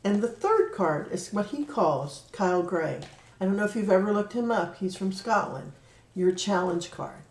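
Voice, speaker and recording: A woman giving a spiritual card reading, talking in an earnest, gently encouraging way. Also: mid-range voice, lively intonation, moderate pace. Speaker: card reader. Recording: roomy echo, voice from a distance.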